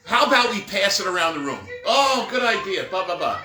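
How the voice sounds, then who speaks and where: Very animated and a little fast, a middle-aged man with a voice that sits high recounts his Santa performer days in loose, rambling stories. Asides and fillers like "right?" and "whatever" run throughout this informal monologue. Echo fills the room, and music plays faintly.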